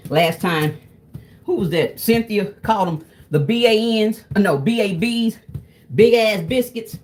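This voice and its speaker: A woman talks straight to her viewers while she cooks at home. Her tone is easy and chatty, and she often breaks off to address "y'all" directly. Her pitch sits in an ordinary middle range. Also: measured pace, a little mellow. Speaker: cooking vlogger. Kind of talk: casual cooking vlog chat.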